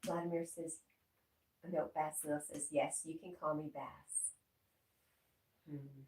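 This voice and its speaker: A woman with a low, mellow voice chats her way through a live stream, reading viewer comments aloud. She often breaks into cooing, laughing baby talk for her pets. The sound is roomy and a bit distant, with a faint hiss underneath. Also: steady tone, takes it slowly. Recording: echoey room, voice a bit off-mic, faint noise.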